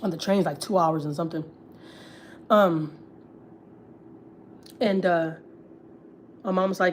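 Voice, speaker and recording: A woman's voice: on the low side, fairly even intonation, takes it slowly, long pauses, slight background noise. A woman, chatting casually and swearing freely as host of a gossip livestream, often repeating herself. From Houston, Texas.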